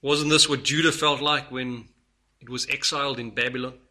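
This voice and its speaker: A man preaching a sermon, earnest, moving between loud stresses and hushed lines. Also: mid-range voice, fairly even intonation, moderate pace.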